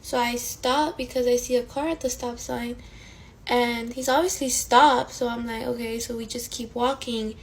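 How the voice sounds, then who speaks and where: A woman in her twenties telling a storytime in a casual, animated way, swearing often and full of fillers. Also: on the high side, moderate pace, low-quality recording. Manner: profane, animated, frequent fillers.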